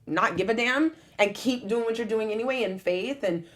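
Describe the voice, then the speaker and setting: A woman co-hosting a relaxed talk show. She talks earnestly and emphatically, urging listeners to take inspiration to heart. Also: a little high, normal speed. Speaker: host. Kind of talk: casual chat.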